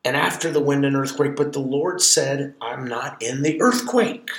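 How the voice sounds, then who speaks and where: A man co-hosting a ministry podcast, teaching from scripture in an animated way and dramatizing the verses with shifting voice. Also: medium pitch, normal speed, reverberant, slight background noise. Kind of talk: conversational Bible teaching.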